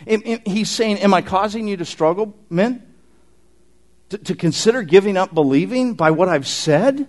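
A middle-aged man preaching a sermon as pastor, conversational and animated, with asides to the congregation. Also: high voice, normal speed.

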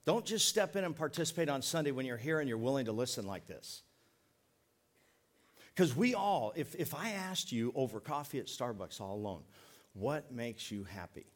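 Middle-aged male pastor, folksy sermon delivery, mid-pitched, slows down to stress key points. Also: sing-song. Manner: folksy, joking, emphatic preaching with slowed stresses.

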